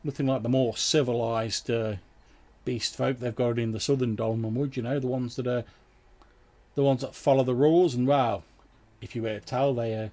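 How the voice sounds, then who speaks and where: A man voicing a burly, friendly male fisherman who talks eagerly and stammers, higher than his own voice. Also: fairly even intonation, moderate pace, darkish tone, natural voice. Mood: anxious. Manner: eager, stammering, chatty villager.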